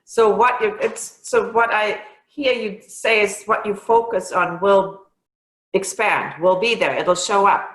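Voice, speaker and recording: Slow-talking woman host in a roomy space. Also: medium pitch, fairly bright tone. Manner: enthusiastic, gushing reactions. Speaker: interview host. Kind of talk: casual interview.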